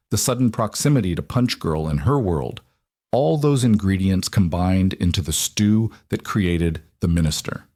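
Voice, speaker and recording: Male narrator, audiobook, low voice, lively intonation, close studio mic. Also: no echo. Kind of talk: scripted narration.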